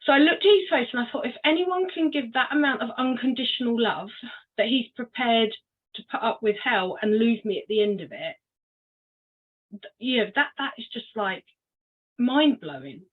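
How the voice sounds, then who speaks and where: An older woman from Cornwall, a podcast guest telling her personal story in an unhurried, reflective way with frequent ums. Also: a little high, expressive, breathy edge. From Cornwall, England. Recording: tinny phone-like line.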